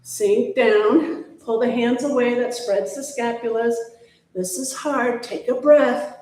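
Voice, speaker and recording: A woman guides a yoga class in slow, gentle, encouraging cues, pausing for breaths. Her voice sits a little high. The sound is very echoey, with music playing underneath. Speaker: yoga instructor.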